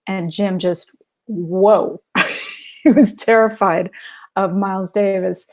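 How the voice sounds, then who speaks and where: A woman guest, heir to a photographer's estate, tells animated anecdotes in a casual interview, laughing often. Her voice is mid-range and her pace slow.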